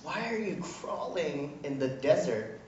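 A man's voice: fairly high pitch, unhurried, a little hiss or hum. A male pastor preaching a sermon, joking and acting out voices, recorded from a distance in a church. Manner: animated, jokey, acts out voices of God and people. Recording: distant, echoey, muffled hall mic.

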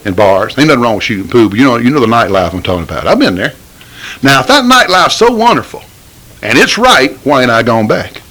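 A man's voice: medium pitch, sing-song, fairly quick, pushed and bright, rough recording. Fervent folksy preacher man. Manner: folksy, pleading, rising to bursts of fervor. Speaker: lay preacher. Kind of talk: informal preaching.

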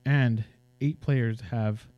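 A man co-hosting a sports podcast, chatting casually and chiming in with quick agreement. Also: mid-range voice, steady tone, smooth, muffled recording. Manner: easygoing, quick agreeing interjections.

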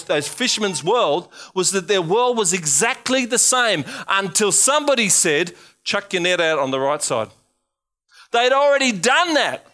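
Male pastor, sermon, high voice, bright tone, exhorting, repetitive calls, joking asides. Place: church.

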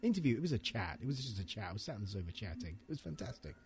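A man's voice: on the low side, big pitch swings, racing, a little mellow, husky. A man hosting a casual podcast, talking enthusiastically and rambling a little in a hotel room. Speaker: podcast host. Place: hotel room with soft furnishings.

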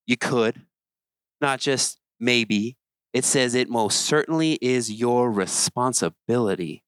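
A man's voice: medium pitch, fairly bright tone, no echo, low-quality recording. A man preaching an earnest, conversational sermon as a youth pastor, often restarting his sentences as he talks.

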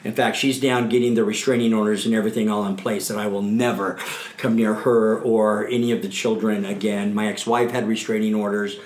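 A man's voice: fairly low pitch, little pitch movement, a little fast, a little mellow. A middle-aged man giving a candid, earnest account of his own past in an interview. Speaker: guest. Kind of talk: personal recovery testimony. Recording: roomy echo.

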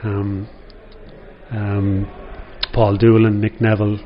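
A man's voice: lowish voice, completely flat delivery, takes it slowly. An older Irish man spins long, meandering football stories and peppers them with "you know". The recording sounds muffled, with a faint hiss underneath. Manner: rambling anecdotes with frequent "you know". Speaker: former footballer guest. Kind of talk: storytelling interview.

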